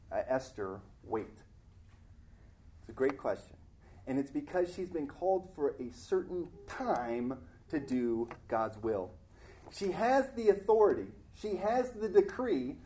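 A man preaching a sermon, retelling a Bible story in a conversational, animated way. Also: medium pitch.

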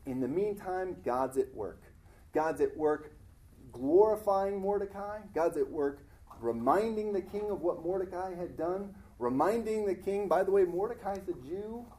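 A man preaching a sermon, retelling a Bible story in a conversational, animated way. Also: sits high, unhurried.

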